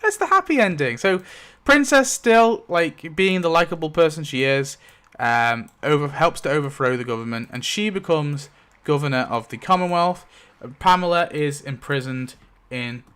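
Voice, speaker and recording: A man's voice: on the high side, expressive, moderate pace, a bit bright, clean tone. A man hosting his video, casually narrating a story rewrite decided by dice rolls, rambling with lots of fillers and little chuckles. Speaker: YouTube host.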